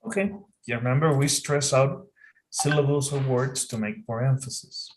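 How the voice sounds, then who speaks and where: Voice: medium pitch, moderate pace, slight background noise. An English tutor giving an online lesson with patient, guiding prompts.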